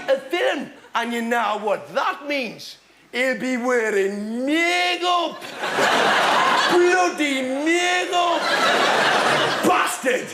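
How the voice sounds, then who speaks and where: A shouting Geordie hard lad. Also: male voice, very high voice, heavily acted. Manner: shouting, boastful, swearing. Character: loud brash northern lad, tough and boastful. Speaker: comedy character. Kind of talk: live sketch comedy monologue. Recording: roomy stage with loud crowd and noise. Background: audience laughter.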